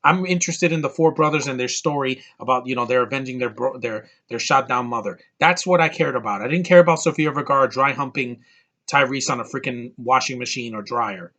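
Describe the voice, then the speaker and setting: A man's voice: mid-range voice, brisk, sharp tone. A man giving a casual, blunt film review, ranting and exasperated about what he dislikes. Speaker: movie reviewer.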